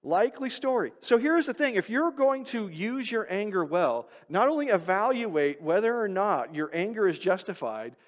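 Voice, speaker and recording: A man's voice: sits high, sing-song, moderate pace, few pauses. A man preaching a sermon as pastor, talking conversationally, asking the congregation questions and acting out quoted voices. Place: church sanctuary. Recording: church hall reverb.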